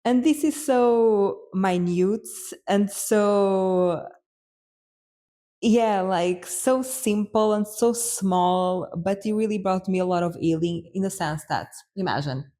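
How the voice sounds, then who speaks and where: A woman's voice: on the low side, darkish tone. A young woman hosting a podcast, telling a personal story in an earnest, reflective way, full of fillers and restarts. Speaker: podcast host.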